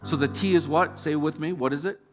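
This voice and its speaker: A male pastor preaching a sermon in a church, telling stories in a relaxed, conversational way and acting out quoted remarks. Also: on the high side, quick pace, soft background music. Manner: conversational storytelling with quoted asides. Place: church hall.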